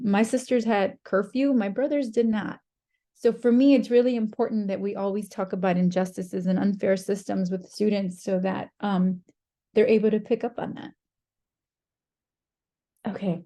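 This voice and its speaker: A woman presenter runs an online workshop over a video call, warmly inviting people to unmute and share. Her voice is dark and mellow with a gravelly fry. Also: mid-range voice, steady tone, normal speed. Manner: warm, encouraging, reads participants' chat aloud.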